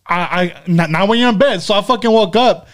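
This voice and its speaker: A man's voice: high-pitched, brisk, fairly bright tone. A man co-hosting a podcast, telling a long, profanity-heavy story in casual chat. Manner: profane, rambling, repeats "dude" and "fucking". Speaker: podcast co-host. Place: currently in Mexico, joining remotely.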